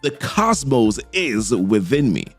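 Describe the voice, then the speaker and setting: A man reading out the lines of a cold, menacing female sorceress priestess from a comic, slowly and solemnly. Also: medium pitch, very animated, soft background music, voice pushed down, full character voice. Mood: ominous.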